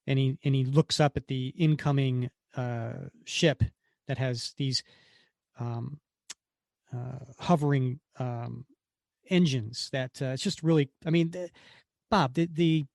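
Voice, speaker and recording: Man, podcast co-host, casual comic recap, mid-pitched voice, dry close sound, acts out quoted lines. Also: vocal fry, no echo. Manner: retells panels acting out the characters' lines.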